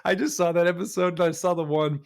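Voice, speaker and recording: Excitable laughing young podcast host. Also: male voice, sits high, fast, gravelly, clean tone. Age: young adult. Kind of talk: casual podcast chat.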